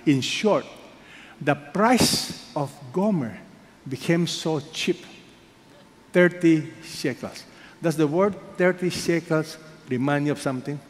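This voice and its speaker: A man with a Filipino accent preaching a sermon as pastor, firing rhetorical questions and swinging between loud emphasis and hushed asides. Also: a little high, slow. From Philippines. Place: large church hall. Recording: echoey hall, faint background noise.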